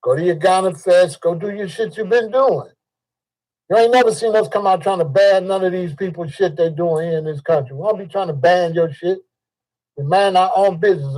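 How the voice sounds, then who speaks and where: An older man. His voice sits high for a man. He delivers a heated, profane monologue and circles back to the same points again and again. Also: a little fast, darkish tone, rough recording. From Chicago. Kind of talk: ranting monologue.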